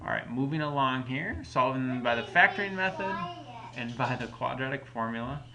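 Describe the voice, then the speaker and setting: A man's voice: medium pitch, normal speed, a crowd in the background. A man teaching a recorded math lesson at home, explaining each step patiently in a casual way. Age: adult parent.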